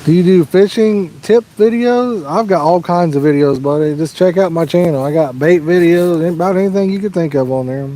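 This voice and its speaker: A man's voice: a little high, normal speed, hardly any pauses, mellow, slight background noise. Laid-back Midwestern American man outdoors. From Midwest USA. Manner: laid-back, chatty, answers viewers' questions. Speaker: fishing livestream host. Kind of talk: casual livestream chat. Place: outdoors by a lake.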